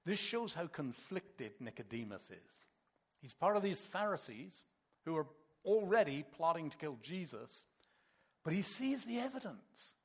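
A man's voice: on the high side, sing-song, a little slow, breathy edge. A middle-aged man preaching a conversational sermon, acting out quoted voices as he goes. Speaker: pastor.

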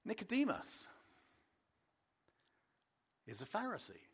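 A man's voice: sits high, takes it slowly, breathy edge. A man preaching a sermon in a plainspoken, conversational way, retelling the story and acting out the dialogue. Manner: animated storytelling, acts out quoted dialogue.

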